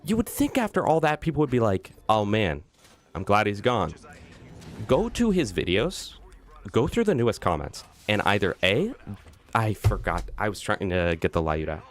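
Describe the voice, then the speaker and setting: A man livestreaming a video game, ranting to his chat in a lively, mocking way. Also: lowish voice, normal speed. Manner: ranting, animated, mocking impressions. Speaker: streamer. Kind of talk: live gameplay stream chat. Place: loud room.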